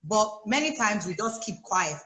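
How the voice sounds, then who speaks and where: Animated Nigerian woman on a roomy call. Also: medium pitch, moderate pace. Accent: Nigerian English. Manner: animated and chatty, with frequent laughs and asides. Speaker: guest life coach for mothers. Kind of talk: casual advice on a live chat. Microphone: phone or laptop on a video call.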